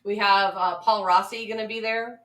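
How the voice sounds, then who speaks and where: A woman's voice: mid-range voice, steady tone, moderate pace, a bit bright, recorded from a distance. A woman co-hosting a podcast, chatting casually and promoting events with plenty of fillers. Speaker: podcast co-host. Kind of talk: casual chat. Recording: roomy, off-mic sound.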